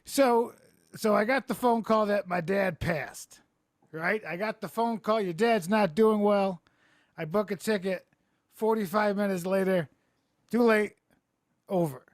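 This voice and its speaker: A man hosting a comedy podcast over a video call, telling rambling stories with deadpan absurd jokes. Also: high voice, a little slow, dry recording, clean studio sound. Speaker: podcast host. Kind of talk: casual comedic chat. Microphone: remote video call.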